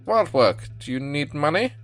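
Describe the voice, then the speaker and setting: A man's voice: a little high, very animated, normal speed, fairly bright tone, pitched above the performer's own voice. A man voicing a fretful elderly mother who fusses and guilt-trips her son in a game. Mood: fussing. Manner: fussing, clingy, guilt-tripping.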